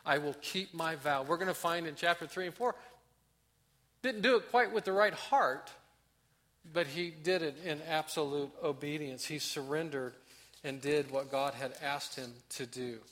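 Male pastor, high bright voice, impassioned sermon delivery with acted-out prayers. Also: measured pace. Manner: impassioned preaching, acts out prayers, drops to soft emphasis.

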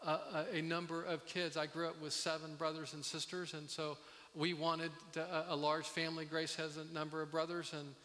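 A middle-aged man preaching a sermon as pastor, earnest and halting, with many restarts. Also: a little high, little pitch movement, pushed and bright. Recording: long reverb of a hall.

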